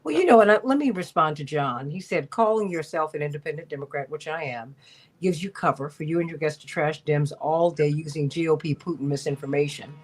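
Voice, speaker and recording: A woman's voice: deep voice, brisk. A woman from Chicago hosting a talk radio show, speaking emphatically and passionately. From Chicago, USA.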